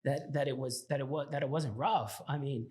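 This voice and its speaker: A man, a guest shop owner, telling his story in a casual interview, animated and full of "like" fillers. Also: medium pitch, moderate pace. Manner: animated, lots of "like" fillers and acted-out quotes.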